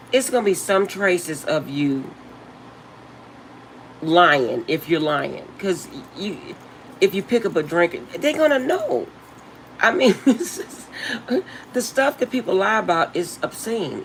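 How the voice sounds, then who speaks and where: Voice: medium pitch, a little hiss or hum, low-quality recording. An older channel host giving casual spiritual advice to viewers in an emphatic, slangy, blunt way, laughing often.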